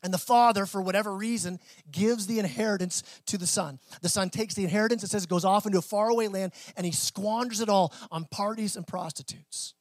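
High-voiced man preaching a sermon. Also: brisk, few pauses, no room sound. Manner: conversational preaching with small restarts and Southern "y'all". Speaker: pastor.

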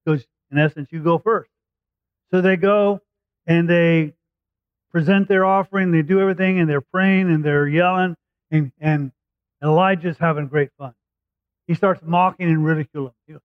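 A man preaching, his voice sitting a little high. He retells a scripture story conversationally and acts out the quotes. The sound is tinny, like a phone line, and dry. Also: fairly even intonation, moderate pace, clear, resonant tone, dry recording. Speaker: pastor. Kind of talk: sermon storytelling.

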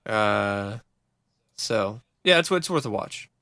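A man co-hosting a podcast, chatting casually in a measured, hesitant way. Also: lowish voice, lively intonation, vocal fry, sharp tone, no room sound. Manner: hesitant, lots of uh fillers, measured. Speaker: podcast co-host. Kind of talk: casual chat.

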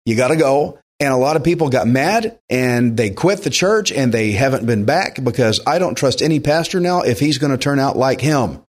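A man preaching a sermon at a middle pitch, speaking in an earnest, emphatic way. He restarts phrases now and then as he drives each point home. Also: lively intonation, normal speed, hardly any pauses. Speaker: pastor.

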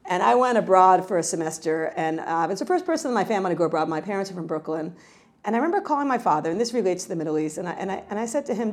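A middle-aged woman from New York, a researcher answering interview questions in a lively, conversational way, often restarting her sentences. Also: lowish voice, very fast. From New York, United States. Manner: animated, frequent self-corrections and restarts. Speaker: cultural psychology researcher.

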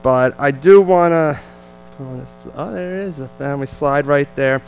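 A man with a New Jersey accent, a visiting missionary telling a lively, self-deprecating family story to a church congregation. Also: fairly high pitch, a little slow, creaky, a little hiss or hum, rough recording.

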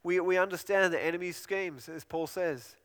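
A man's voice: high-pitched, normal speed, a bit bright, in a large hall. A man preaching a sermon in an earnest, pleading way, often repeating and restarting phrases.

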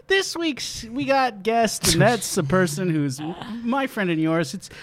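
Young guy hosting a comedy podcast, kinda high voice, rambly and jokey. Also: very animated, unhurried. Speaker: podcast host. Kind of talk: casual comedy podcast chat.

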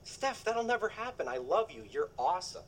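A goofy earnest boyfriend. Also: male voice, high-pitched, sing-song, brisk, a bit bright. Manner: awkwardly earnest, playful. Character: goofy sweet young boyfriend. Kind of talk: sitcom acting. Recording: TV clip with background noise.

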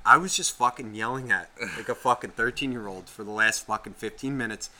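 A man co-hosting a podcast, telling a gaming story in animated, profanity-heavy casual chat. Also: lowish voice, brisk. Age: adult, past eighteen. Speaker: podcast co-host.

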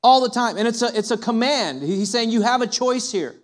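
A man preaching a sermon as a pastor, animated, often acting out the voices of his listeners. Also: extremely high pitch, a little fast.

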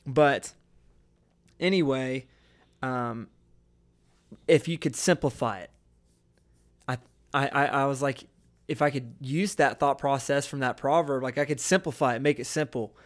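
A man's voice: medium pitch, a little slow, long pauses. A young man hosting a casual podcast chat, talking earnestly and rambling, often restarting his thoughts.

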